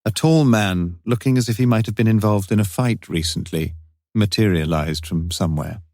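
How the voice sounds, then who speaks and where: Low-voiced male audiobook narrator. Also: moderate pace, darkish tone, dry recording, studio quality.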